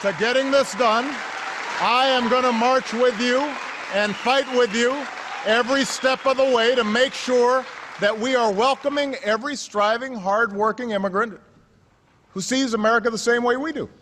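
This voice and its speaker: A man's voice: very high voice, fairly even intonation, normal speed. A man giving a political speech in an emphatic, rousing style, recorded in a large event hall. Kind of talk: rally speech. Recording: long hall reverb with crowd noise.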